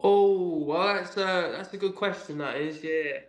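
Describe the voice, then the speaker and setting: A man putting on a Cockney accent, playing an easygoing Cockney lad who thinks out loud. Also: high-pitched, measured pace, heavy reverb, faint music behind. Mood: musing. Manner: relaxed, shrugging, thinks out loud. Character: cheerful Cockney lad musing on life.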